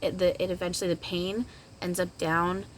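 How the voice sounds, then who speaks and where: Rambling, giggly woman vlogger with a low voice, casual channeler. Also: flat delivery, normal speed, a little hiss or hum, poor audio. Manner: rambling, chatty, giggly with many fillers. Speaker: spiritual channeler. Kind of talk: casual vlog monologue.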